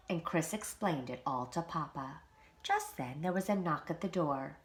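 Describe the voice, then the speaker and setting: A woman, a preschool teacher, reading a children's storybook aloud in an expressive, animated way. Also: low voice, normal speed.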